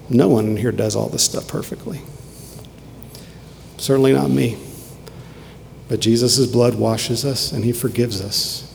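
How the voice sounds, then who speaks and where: A man preaching a sermon in an earnest way, swinging from emphatic questions to quiet, low lines, in a church sanctuary. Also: creaky. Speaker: pastor. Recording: long hall reverb, faint ambient noise.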